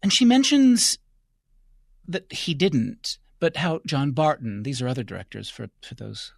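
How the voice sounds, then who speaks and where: A man hosting a public radio interview, measured and easy, asking long framing questions. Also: mid-range voice, expressive, vocal fry, no room sound, studio quality. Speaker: radio host.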